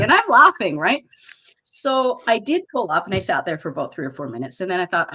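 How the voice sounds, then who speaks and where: A woman's voice: mid-range voice, very animated, fast, pushed and bright, slightly rough. A woman co-hosting a podcast, telling a story with frequent laughter and swearing. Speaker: podcast co-host. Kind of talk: casual chat.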